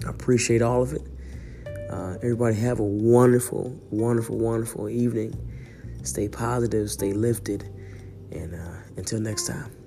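A man's voice: lowish voice, fairly even intonation, normal speed, vocal fry, music in the background. A man hosting his own podcast in a casual, rambling monologue, with a slight cold. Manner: laid-back, rambling, says "man" a lot. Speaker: podcast host.

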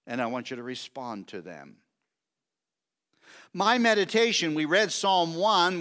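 A middle-aged man preaching a sermon, emphatic and repetitive, stretching key words slowly. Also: fairly high pitch, a bit bright. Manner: emphatic, repetitive preaching with slow drawn-out stresses. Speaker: pastor.

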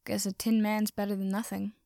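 A woman reading a deadpan sardonic young man. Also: mid-range voice, a little fast, gravelly, no echo, natural voice. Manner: deadpan, dry.

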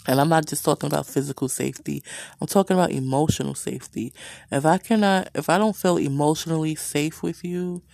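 Gravelly woman, blunt and profane. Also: deep voice, a little mellow, no echo. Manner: blunt, profane, laughs often; frequent "you know" fillers. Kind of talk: candid personal monologue.

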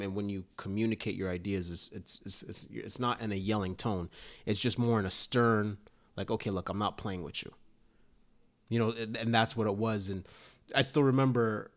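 A young man with a slightly low voice chats casually, animated and full of laughter. He tells his story by acting out the lines of the people in it. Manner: animated storyteller, laughs often, acts out quotes. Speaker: former player, interviewer. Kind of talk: casual conversation.

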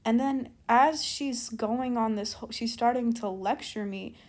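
A woman's voice: fairly high pitch, unhurried. A woman telling a storytime vlog in a casual, rambling way, full of "like" and "keep in mind" asides, stopping to backtrack when she loses her thread. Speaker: storytime vlogger.

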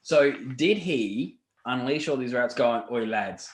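A man chatting loosely on a podcast, rambling through restarts and fillers and swearing freely. His voice sits at a middling pitch. The room around him sounds roomy and echoey. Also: slow pace. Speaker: podcast co-host. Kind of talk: casual podcast chat. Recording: roomy echo.

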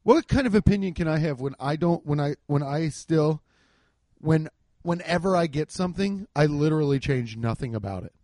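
A man doing a casual comedic rant, profane and excitable, acting out the voices of people he quotes, on a handheld mic. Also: fairly high pitch, moderate pace, no room sound. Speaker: stand-up comedian. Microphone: handheld microphone.

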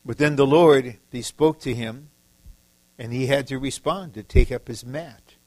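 A man's voice: mid-range voice, measured pace, darkish tone, no room sound, rough recording. A man from the Detroit area preaching a sermon, emphatic and repetitive, acting out short quoted lines. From Detroit area, USA.

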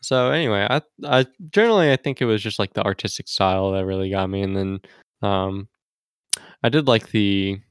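A man's voice: on the low side, fairly quick, smooth, dry recording, studio quality. A man appearing as a guest on a casual podcast, talking hesitantly with many fillers and restarts.

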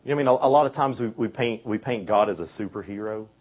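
A young man with a deep, husky voice talks to a youth group like he is chatting with friends, restarting phrases and tossing in fillers as he goes. The recording sounds dull and lo-fi. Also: quick pace. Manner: casual, conversational preaching with many fillers and restarts. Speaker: youth speaker. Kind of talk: youth sermon.

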